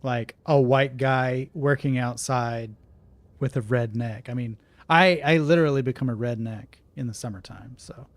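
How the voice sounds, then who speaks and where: A man's voice: mid-range voice, normal speed, dry recording. Chatty Oklahoma man streaming a game. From Oklahoma, USA. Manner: chatty, laughs often, reacts to live chat. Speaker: gaming streamer. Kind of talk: casual gameplay commentary, reading game text aloud.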